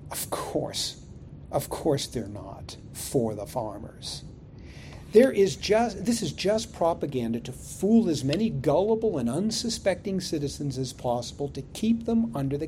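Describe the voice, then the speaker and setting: Animated, mellow-voiced male pastor. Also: fairly high pitch, unhurried, a little hiss or hum. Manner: expressive, rhetorical, asks questions of the congregation. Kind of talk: sermon.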